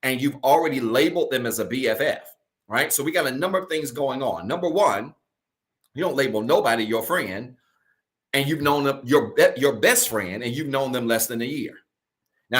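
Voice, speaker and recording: Animated preacher man with slow emphatic stretches. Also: medium pitch. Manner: colloquial, addresses the congregation as y'all. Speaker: pastor. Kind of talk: sermon. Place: at home, streamed to a virtual congregation.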